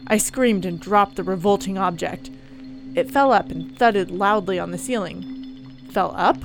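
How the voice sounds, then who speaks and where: A woman's voice: mid-range voice, a little slow, close to an everyday voice. A woman voicing a middle-aged male counselor, narrating a horror story in first person with a dry, sardonic edge over background music. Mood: shaken.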